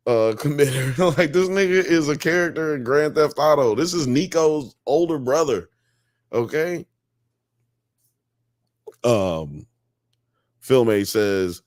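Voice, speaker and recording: A man hosting a casual live-stream talk show, animated, slangy and joking. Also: a little high, slow pace, long pauses, dry recording, clean studio sound. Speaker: podcast host.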